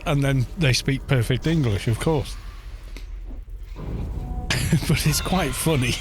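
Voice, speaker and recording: A middle-aged Welsh man streams a game, chatting and joking with his viewers and often tripping over his words as he answers chat with laughs. His medium-pitched voice moves slowly, with long pauses, and faint music plays in the background.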